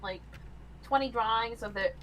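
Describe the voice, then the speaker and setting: A woman's voice: fairly high pitch, normal speed, sharp tone, a little hiss or hum, rough recording. Chatty woman talking about drawing. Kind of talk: casual chat with friends on stream.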